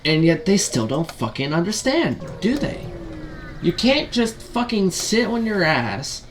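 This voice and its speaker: A gaming video commentator rants in frustration, profane and full of rhetorical questions and repeated fillers. His voice sits high with big pitch swings, his pace is unhurried, and there's slight background noise.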